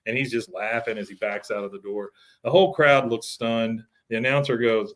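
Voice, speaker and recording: A man's voice: medium pitch, moderate pace, fairly bright tone. A man co-hosting a podcast, casually retelling a cartoon episode with loose, rambling storytelling at a live recording. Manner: loose, storytelling, lots of filler. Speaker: podcast co-host.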